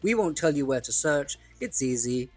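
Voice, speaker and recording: A man's voice: a little high, expressive, moderate pace. A man co-hosting a casual podcast, playful and teasing toward his partner. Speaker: podcast co-host.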